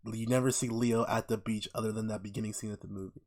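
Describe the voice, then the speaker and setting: A man's voice: on the low side, level tone, fast talker, darkish tone, dry recording. A man co-hosting a casual podcast, brash and joking and swearing often. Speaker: podcast co-host.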